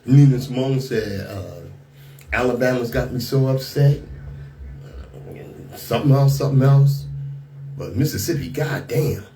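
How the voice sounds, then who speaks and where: A male radio talk host delivering blunt, indignant commentary into a studio microphone at a middling pitch. He reads from the news, then breaks off to react in his own words, stumbling and repeating himself as he goes. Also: unhurried, pauses often, warm tone, slight background noise.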